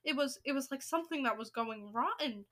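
An earnest young boy from a storybook, read aloud by a woman. The voice sits high and sounds bright. He speaks eagerly and earnestly. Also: animated, a little fast.

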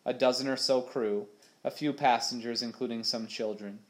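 A man's voice: mid-range voice, steady tone, moderate pace, close to an everyday voice. A man voicing a bumbling, nervous male pirate sidekick who stammers and gets flustered. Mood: eager.

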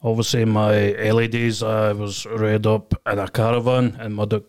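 Halting Scottish podcast guest. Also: male voice, fairly low pitch, level tone, smooth. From Scotland. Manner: halting, filling with "you know" and "obviously". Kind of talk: casual podcast interview.

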